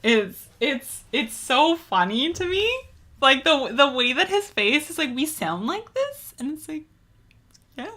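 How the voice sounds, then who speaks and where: A woman's voice: sits high, lively intonation, a little slow, sharp tone. A Canadian woman streaming a game, chatting casually in a rambling way with lots of fillers and easy laughs. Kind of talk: casual gaming stream chat.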